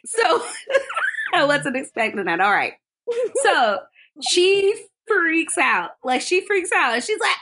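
A young woman recapping a film in casual chat, animated, laughing often and loudly acting out the characters' lines. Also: very high-pitched, takes it slowly.

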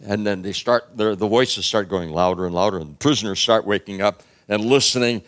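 A man's voice: fairly low pitch, fairly quick, hardly any pauses, a bit bright. A man preaching a sermon, retelling a story in a casual, humorous way with many fillers.

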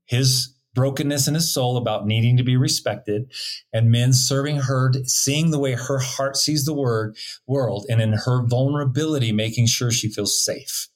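A middle-aged man leads a casual talk on marriage. His voice sits in an ordinary middle pitch. He is earnest and a little preachy, and he breaks into jokes easily. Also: moderate pace. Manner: earnest, preachy, jokey, laughs often. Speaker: co-host teaching on marriage. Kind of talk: casual teaching chat.

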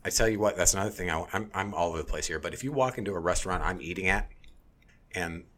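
A man's voice: deep voice, quick pace, fairly bright tone. A man hosting a casual chat, talking bluntly and heatedly, swearing often and restarting his sentences.

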